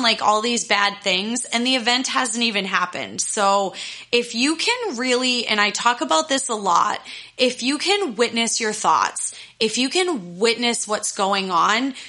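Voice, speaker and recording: Woman, young adult, life coach, casual chat, candid, fired-up, swears, bright voice. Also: a little high. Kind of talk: casual solo talk to listeners.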